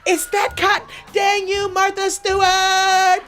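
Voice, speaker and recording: Woman playing a shrill, flustered under-bed monster, loud and high, stand-up bit. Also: monotone, measured pace, faint music behind. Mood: panicked. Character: nervous toe-eating monster under the bed.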